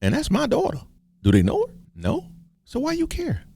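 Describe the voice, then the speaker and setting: A man putting on the voice of his elderly grandfather, a firm, wise old man who scolds in a high, strained voice. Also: huge pitch swings, moderate pace, gravelly, warm tone, no room sound, clean studio sound, exaggerated voice. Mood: scolding. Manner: high strained squeaky put-on voice.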